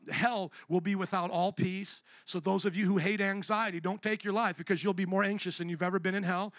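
A man's voice: high-pitched, bright, forceful tone, no echo. A man preaching a sermon as pastor, emphatic and calling out to the congregation.

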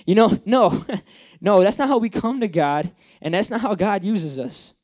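A man's voice: sits high, animated, moderate pace, a little mellow. A young man giving a casual, joking sermon, acting out the characters he talks about. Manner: chatty, joking, acts out characters. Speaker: preacher.

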